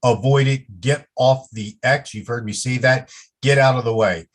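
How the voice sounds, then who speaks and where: A man's voice: medium pitch, normal speed. A man hosting a safety podcast, coaching listeners in a direct, emphatic way with short repeated commands. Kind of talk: instructional podcast monologue.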